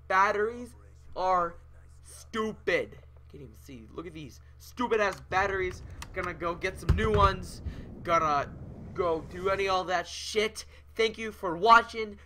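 A young man giving profane, ranting commentary over his own gameplay, yelling at the game. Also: high-pitched. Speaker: gaming video creator.

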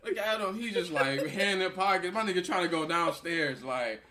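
Young man, reaction commentary, lively swooping pitch, fairly high, noisy recording. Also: moderate pace. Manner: animated, laughing, acts out quotes. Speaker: co-host reacting to a video.

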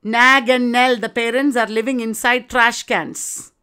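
A woman lecturer talks through a play in a steady, explanatory way, checking in with her listeners. Her voice is high and smooth, with a clear, resonant tone. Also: unhurried. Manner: explanatory, addressing students with rhetorical checks. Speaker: literature lecturer. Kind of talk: recorded literature lecture.

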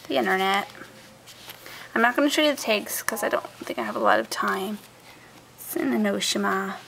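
Slow-talking woman with a gravelly lilt. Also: medium pitch. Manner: soft, chatty, trails off and restarts. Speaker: scrapbooking vlogger. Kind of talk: casual show-and-tell. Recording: faint background noise.

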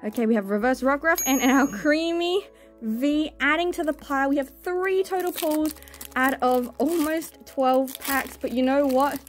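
A young woman chatting casually as she opens card packs on camera, excitable and gushing, squealing over good pulls. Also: high voice, measured pace, soft background music. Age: young adult. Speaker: card-opening vlogger. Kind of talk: casual chat while opening card packs.

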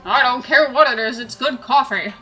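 A woman's voice: high voice, normal speed, bright, forceful tone, soft background music, poor audio. A young woman co-hosting a let's play, teasing the others crudely and reading chat aloud. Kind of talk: casual gaming banter.

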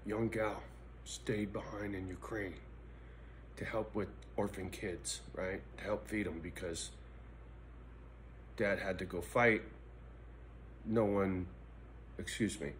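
Middle-aged man, unhurried delivery, blunt profane monologue, faint background noise. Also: sits low, fairly even intonation. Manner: blunt and profane, swings between angry rants and quiet reflection. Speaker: vlogger. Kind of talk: emotional personal monologue.

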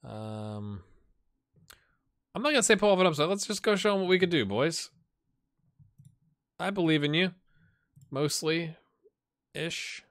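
A man gives casual let's-play commentary in a bright, pushed-forward voice, joking with his viewers and mumbling asides as he goes. The sound is close and dry, with no room around it. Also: a little high, lively intonation, unhurried, pauses often, dry recording. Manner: chatty, self-mocking, jokes and muttered asides. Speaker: gaming channel host.

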